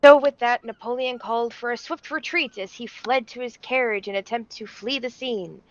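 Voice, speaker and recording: A woman streamer telling a playful story in an animated, theatrical way. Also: on the high side, normal speed, no room sound, highs cut off. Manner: animated, theatrical, laughing often.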